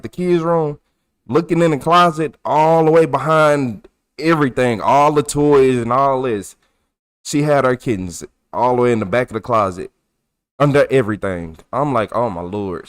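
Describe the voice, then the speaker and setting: A man livestreaming from home, telling a rambling, animated story in casual slang. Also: fairly high pitch.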